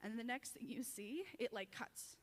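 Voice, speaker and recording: A woman's voice: fairly high pitch, normal speed, in a large hall. A young woman giving a chatty, self-deprecating farewell tribute at a church service, often breaking into laughter. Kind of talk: casual storytelling speech.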